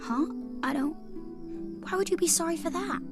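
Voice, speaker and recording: A man's voice: very high voice, normal speed. A man voicing a timid, earnest young boy in a video game, speaking hesitantly. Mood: puzzled. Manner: hesitant, questioning. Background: game music.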